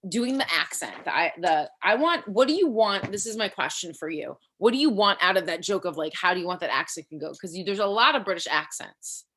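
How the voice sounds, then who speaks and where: A woman's voice: lowish voice, animated, brisk, few pauses, sharp tone. A woman giving casual spoken feedback to a comedian on a video call, rambling, chatty and laughing often, with many fillers. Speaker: comedy workshop feedback giver.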